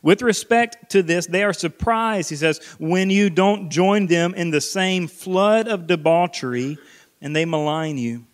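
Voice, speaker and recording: A man preaches a sermon in a slightly higher-than-usual voice. He is earnest, repeats words for emphasis and drops to a hush on key points. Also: a little slow. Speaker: pastor.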